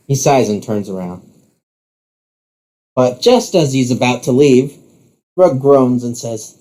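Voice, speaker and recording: Male narrator for second-person story, steady, warm mellow tone. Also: medium pitch, unhurried, long pauses.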